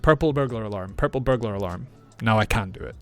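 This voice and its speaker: A man with a northeast Scottish accent, an English teacher reacting to accent clips, speaking clearly and patiently. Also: fairly low pitch, fast talker, fairly bright tone, faint music behind. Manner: clear, patient, repeats phrases. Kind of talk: reaction video, explaining accents.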